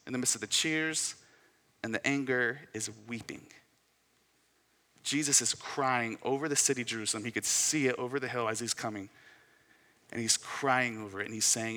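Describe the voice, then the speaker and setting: A man preaching a sermon in a relaxed, conversational way, retelling scenes and acting out short quotes. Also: medium pitch, moderate pace, long reverb tail. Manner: conversational, storytelling with acted quotes. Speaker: pastor.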